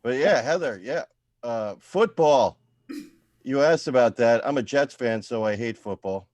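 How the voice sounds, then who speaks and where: Deadpan man mumbling his stand-up set. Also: medium pitch, unhurried, no room sound. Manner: mumbling self-deprecating asides, trailing off quietly. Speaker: stand-up comedian at open mic. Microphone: video call.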